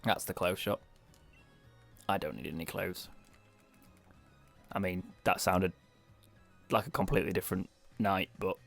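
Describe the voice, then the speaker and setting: A young British man with a fairly low voice talks through his gameplay in a chatty, wry way, poking fun at himself as he goes. The sound is dry and close to the mic, with faint game music underneath. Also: animated, moderate pace, gravelly, pauses often, no echo. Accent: British English. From Britain. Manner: chatty, wry, self-mocking asides. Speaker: let's play streamer. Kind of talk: casual gameplay commentary.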